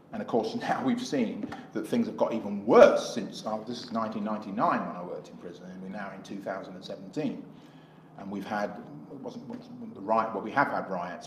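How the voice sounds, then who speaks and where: A man's voice: lowish voice, a little hiss or hum. Rambling English man, echoey street. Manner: rambling, acts out dialogue in anecdotes. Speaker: independent election candidate. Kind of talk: interview answers.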